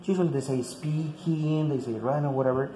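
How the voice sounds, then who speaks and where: Fairly quick and on the higher side, yet mellow and dark in tone, a male English teacher's voice takes fellow teachers through a classroom activity one step after another. He leans on "like" a lot and repeats words. The echoey space carries faint ambient noise.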